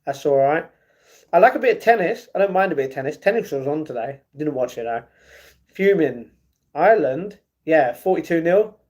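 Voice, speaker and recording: A man's voice: fairly high pitch, expressive, moderate pace, a little mellow. A young man from England chatting casually on a livestream, reading out comments and answering them, often repeating his phrases. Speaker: live streamer.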